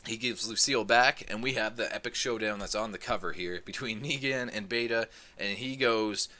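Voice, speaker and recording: A man casually recapping a comic book volume, rambling and filling gaps with "um" as he gets excited about the story. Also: fairly low pitch, moderate pace. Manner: rambling, many "um"s, excitable retelling. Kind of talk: casual plot recap review.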